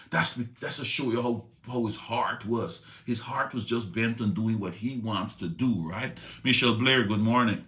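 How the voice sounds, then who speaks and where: A man's voice: medium pitch, normal speed, few pauses, bright, forceful tone, roomy sound. Conversational man preaching a morning talk. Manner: conversational, slangy, asks "right?". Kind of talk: morning devotional talk, retelling a Bible story.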